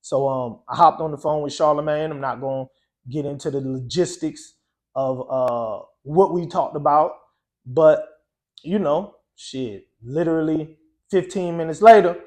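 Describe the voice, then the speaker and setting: High-voiced man telling a casual story. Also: measured pace, a little mellow. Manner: loose and conversational, full of "you know" and "um".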